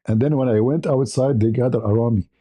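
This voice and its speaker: A man from the Middle East hosting a livestream, spinning a personal story in loose, broken English. His voice is very dark and mellow, sitting at an ordinary pitch. He keeps breaking into chuckles as he talks. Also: quick pace, slightly rough. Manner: chuckles often while telling, broken conversational English. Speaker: channel host.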